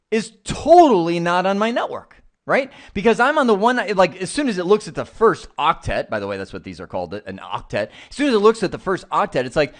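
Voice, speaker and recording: A male IT instructor with a fairly high voice leads an online networking lesson. He is animated and playful, and he acts out examples to make his points.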